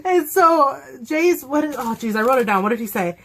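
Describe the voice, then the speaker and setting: Excitable young woman gushing about a show. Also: moderate pace. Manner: excitable, gushing, with big emotional swings in pitch. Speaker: TV show reviewer. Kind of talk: casual fan review chat. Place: at home.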